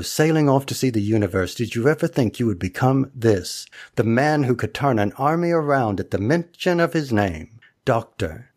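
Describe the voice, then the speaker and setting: A man's voice: mid-range voice, darkish tone, natural voice. A man reciting River Song's confrontation with the Doctor from memory, in close to his own voice. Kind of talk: recited dramatic monologue.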